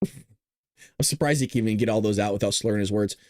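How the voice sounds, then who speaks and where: A man hosting a live political commentary show, talking in an animated, sarcastic way with laughing asides. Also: on the low side, fairly quick, dry recording, studio quality. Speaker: host.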